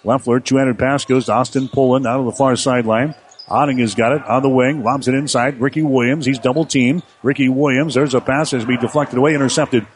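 A man calling college basketball play-by-play in a rapid running commentary that lifts on big plays. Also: medium pitch, fairly even intonation. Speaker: play-by-play announcer.

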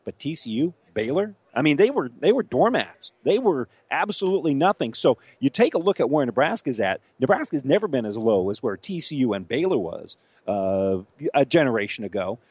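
A male sports radio co-host in casual talk, animated and a little halting as he restarts his sentences. His voice sits mid-pitch, recorded dry and close in a studio. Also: breathy edge, dry recording.

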